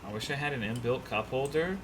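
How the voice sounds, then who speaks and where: A man's voice: mid-range voice, fast talker, noisy background. A young man streaming a game, chatting loosely and profanely, rambling and reading chat messages aloud. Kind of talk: casual gaming stream chat.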